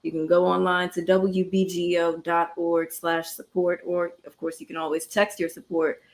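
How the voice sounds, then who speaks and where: A woman radio host with a slightly low voice, gushing and quick to laugh. She chats with a guest on her jazz show and reads out the closing pledge details. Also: completely flat delivery. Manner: effusive, laughs often. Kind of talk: radio interview and sign-off.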